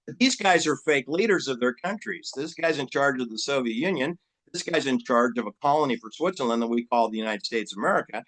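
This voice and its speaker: A man rambling through casual commentary on his own channel. He talks in a mocking, animated way and keeps firing off rhetorical questions. His voice leaps up high for emphasis, then drops back to a middling pitch. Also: fairly quick. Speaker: channel host.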